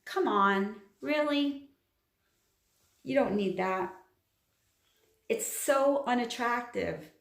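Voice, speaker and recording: A woman's voice: on the high side, drawn-out words, gravelly, long pauses, fairly bright tone. Chatty emphatic woman in an echoey room. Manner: chatty, emphatic, repeats phrases, laughs at herself. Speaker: astrology channeler. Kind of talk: casual tarot-style reading to camera.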